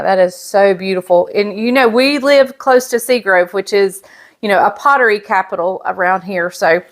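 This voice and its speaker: A middle-aged woman, chatting casually and emotionally as she shows off gifts in a vlog. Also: mid-range voice. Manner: gushing, emotional, chatty with fillers. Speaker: pastor's wife and vlogger. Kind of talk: casual show-and-tell chat.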